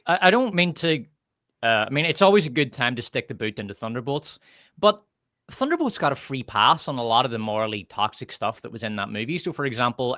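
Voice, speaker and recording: A man's voice: mid-range voice, very animated, quick pace, bright, forceful tone, no room sound, clean studio sound. A man with a northern Irish accent, chatting bluntly and scornfully on a review livestream, with some swearing. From north of Ireland. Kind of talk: casual opinionated chat.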